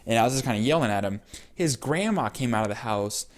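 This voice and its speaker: A young man tells a personal story in a casual vlog. He rambles and fills his sentences with "like" and "um". His voice sits at an ordinary middle pitch. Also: lively intonation, fast. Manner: rambling with many fillers. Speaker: vlogger.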